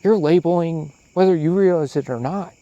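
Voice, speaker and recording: The audio is dull, carrying a man's fairly high-pitched voice at a moderate pace. As a solo podcaster, he rants outdoors at night in a profane, animated, questioning ramble, with crickets and insects chirping all around.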